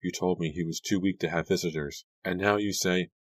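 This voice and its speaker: A man's voice: sits low, steady tone, a little fast, no echo. A man reading aloud and voicing a frightened young farm girl from colonial times, breathless and pleading. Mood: angry.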